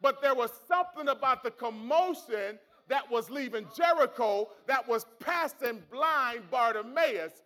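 High-pitched, bright-voiced preacher man. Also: animated, measured pace, few pauses. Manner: preaching with rising shouts and repeated words. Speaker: pastor. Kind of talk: sermon.

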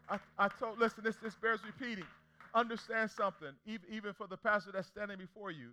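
High, bright-voiced young preacher man. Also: steady tone, fast, faint music behind. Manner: preacherly call-and-response, emphatic repetition. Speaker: pastor. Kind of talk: sermon.

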